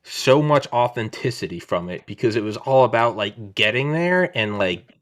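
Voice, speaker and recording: A man's voice: mid-range voice, normal speed. A man in his thirties hosting a podcast, chatting casually over a video call on his own microphone, rambling and swearing as he tells stories. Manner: rambling, profane, animated storytelling. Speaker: podcast host. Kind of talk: casual chat.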